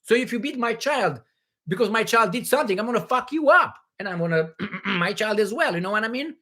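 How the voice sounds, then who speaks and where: A man's voice: high-pitched, animated, brisk, bright, forceful tone. Profane, rambling man. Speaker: livestream host answering questions. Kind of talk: live Q&A monologue.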